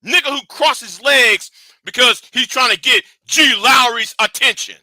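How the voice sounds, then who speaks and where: Man ranting on his stream, bright cutting voice, super dry close sound, cussing and scolding, loud then quiet. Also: very high voice, unhurried, no room sound. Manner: animated, profane, scolding; swings from shouting to hushed. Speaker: livestream host. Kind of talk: heated livestream rant.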